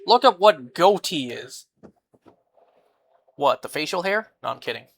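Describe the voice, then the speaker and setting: A streamer talks through a live gaming session in a relaxed, slow-paced way. The delivery rambles and keeps breaking into baffled, incredulous reactions to chat. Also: mid-range voice, vocal fry. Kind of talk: casual live-stream chat while playing.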